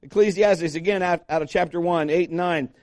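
Male pastor, chatty sermon delivery, slightly high voice, dry sound. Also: a little fast, dry recording. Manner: conversational preaching, lively asides to the congregation.

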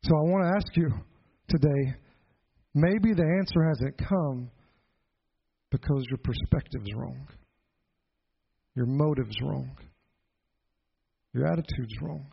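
A man's voice: mid-range voice, slow pace, vocal fry, long pauses, husky. Folksy man preaching, lo-fi sound. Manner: folksy, earnest storytelling with asides and self-deprecating jokes. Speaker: pastor. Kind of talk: sermon with personal story. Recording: dull lo-fi sound.

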